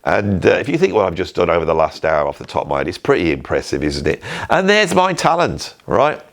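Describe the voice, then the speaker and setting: A man's voice: deep voice, sing-song, fairly quick. A man giving blunt, ranting commentary on the music business, with some self-mockery. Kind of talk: casual spoken commentary.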